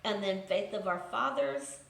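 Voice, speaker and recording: Woman teacher walking thru grammar examples step by step, average pitch, bit of room echo. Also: animated, unhurried, gravelly, fairly bright tone. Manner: patient, methodical, reads example sentences aloud then explains. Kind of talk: recorded grammar lesson for students.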